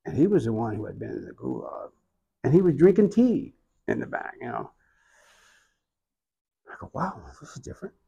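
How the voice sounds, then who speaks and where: An older man from Oklahoma with an Oklahoman accent, telling his own story in an interview in a reflective, unhurried way with soft asides. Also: mid-range voice, huge pitch swings, gravelly, slightly rough, lo-fi sound.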